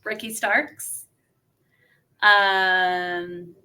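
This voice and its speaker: A woman wrestler telling a story casually as a podcast guest, animated and laughing, with lots of filler words. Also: mid-range voice, extremely slow.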